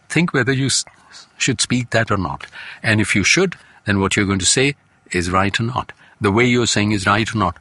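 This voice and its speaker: An older man with an Indian English accent, telling anecdotes as a guest in relaxed conversation and acting out quoted family voices. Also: fairly low pitch, moderate pace, no room sound. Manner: animated anecdotes, slips into Hindi, acts out quoted family voices. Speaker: guest, voice artist.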